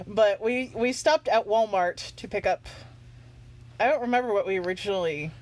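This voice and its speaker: A woman's voice: medium pitch, moderate pace, darkish tone, poor audio. A woman telling long, rambling stories during a casual let's play chat, laughing often along the way. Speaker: co-host guest. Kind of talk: casual chat while playing a mobile game.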